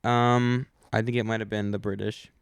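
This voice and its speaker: A man's voice: on the low side, flat delivery, normal speed, clean tone, no echo, studio quality. A young man co-hosting a podcast, rambling and joking in casual chat, often trailing off and restarting. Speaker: podcast co-host.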